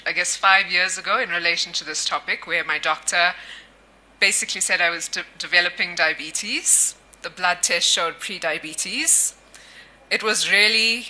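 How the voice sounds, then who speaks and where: A woman's voice: lowish voice, pushed and bright. A woman giving a candid conference talk, laughing easily, on a stage microphone in a conference hall. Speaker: conference speaker, actuary. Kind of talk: conference presentation.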